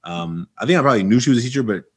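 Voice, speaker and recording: A middle-aged man from Oakland, California, appears as a podcast guest in a storytelling interview, recounting his life. His mid-range voice is slightly rough and rapid-fire as he energetically acts out old conversations.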